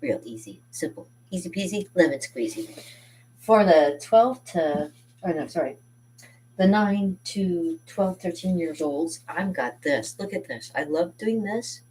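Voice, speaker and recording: A woman's voice: on the low side, expressive, measured pace, warm tone, husky, distant mic. A woman chatting casually and enthusiastically as she shows kids' painting projects, with lots of fillers and self-corrections. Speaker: art teacher showing kids' painting projects. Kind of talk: casual chat.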